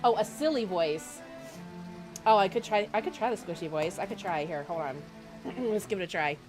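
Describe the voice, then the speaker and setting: Lively giggly woman streamer. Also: mid-range voice, normal speed. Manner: giggly, self-mocking, reacting to chat. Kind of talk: casual game-stream chat. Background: game music.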